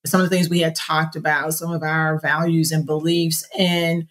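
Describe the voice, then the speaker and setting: Middle-aged woman guest, low voice, chatty storyteller with frequent laughs. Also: flat delivery, normal speed, fairly bright tone. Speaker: podcast guest. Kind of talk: conversational interview.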